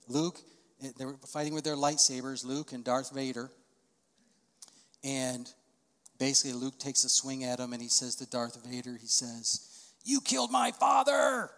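A middle-aged male pastor delivers a storytelling sermon, his voice sitting at an ordinary middle pitch. He swells into loud, emphatic peaks to drive points home. His words ring out with a long reverb, as in a large church sanctuary. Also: flat delivery, normal speed, long pauses.

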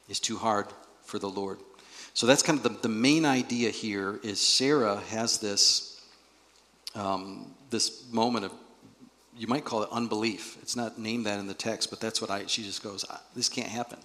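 A male pastor preaching a sermon in a church, animated and acting out the voices he quotes. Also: fairly low pitch, measured pace. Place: church sanctuary. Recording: long reverb of a large hall.

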